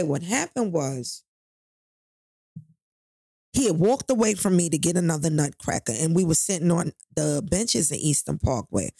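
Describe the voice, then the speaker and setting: A gravelly, husky-voiced woman, telling a story from her own life to a podcast audience. Her voice sits low and dark, and the sound is close and dry, with no room around it. She talks casually, swears freely and throws herself into other people's lines. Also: dry recording. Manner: animated, profane, acts out quotes loudly.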